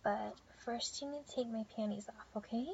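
A young woman in a whispered role-play, speaking in a soft, teasing whisper with breathy murmurs. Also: fairly high pitch, moderate pace. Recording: dull lo-fi audio with faint background hiss.

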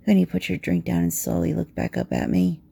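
A woman telling an intimate second-person romance story in a soft voice that slips into whispers. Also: lowish voice, little pitch movement, a little fast, creaky, breathy edge.

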